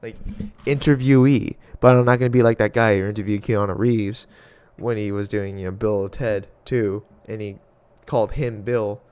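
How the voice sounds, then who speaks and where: A man's voice: fairly low pitch, fairly even intonation, moderate pace, a little mellow, clear, resonant tone. A young man hosting a casual solo podcast, rambling and swearing with jokes, coughing now and then. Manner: rambling, profane, jokey. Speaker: podcast host.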